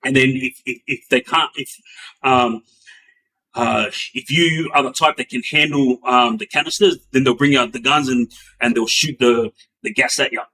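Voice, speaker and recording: A man telling a story in a loose, rambling way, with many fillers and restarts, acting out the action with bangs and booms. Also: normal speed. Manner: animated, acts out sounds with bangs and booms. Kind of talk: casual spoken storytelling.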